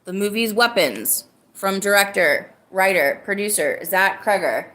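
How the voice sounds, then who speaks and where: A woman's voice: mid-range voice, expressive, a little slow, pushed and bright, echoey room. A woman hosting her own live-stream podcast, talking casually and greeting viewers in the chat. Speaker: livestream podcast host.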